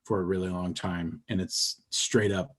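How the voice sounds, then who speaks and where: A man talking as a podcast guest about his comics, in rambling, animated storytelling with many fillers. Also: low voice, moderate pace. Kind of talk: casual chat.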